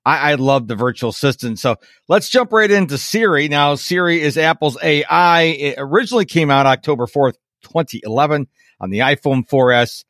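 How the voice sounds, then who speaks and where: A man's voice: fairly high pitch, moderate pace, fairly bright tone, dry recording, clean studio sound. A man co-hosting a casual tech podcast, chatty and playful as he jumps between topics. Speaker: podcast co-host.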